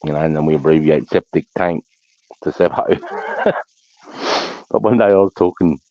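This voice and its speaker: Deep-voiced swearing Australian man. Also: normal speed, muffled recording. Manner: swears constantly, laughs often, rambling. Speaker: livestream host. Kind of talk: casual livestream chat.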